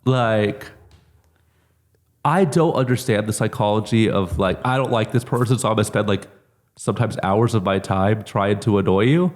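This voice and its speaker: A man being interviewed as a fighter, talking casually with lots of "like" and growing lively when he tells stories. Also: fairly low pitch, normal speed. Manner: relaxed, heavy use of "like", lively when telling stories. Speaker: MMA fighter, interview guest.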